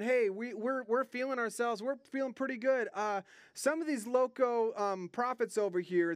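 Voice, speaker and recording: A young man with a high voice preaches earnestly, speaking conversationally and doubling back on words as he presses a point. The sound is dry and close, with no room around it. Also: clean tone, no room sound. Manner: earnest, repeats words when stressing a point. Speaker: pastor. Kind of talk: sermon.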